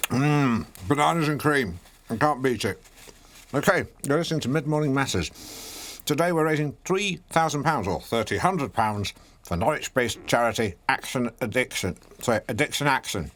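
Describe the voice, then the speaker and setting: Brief: a bumbling, self-important male radio presenter with a mid-pitched voice. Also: expressive, normal speed, a bit bright.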